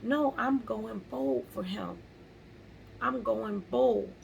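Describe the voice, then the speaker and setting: A woman's voice: on the high side, slow pace, creaky, a little hiss or hum, poor audio. A woman vlogger speaking earnestly about faith and pressing on, repeating key phrases for emphasis. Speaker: motivational vlogger. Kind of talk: casual faith-based encouragement.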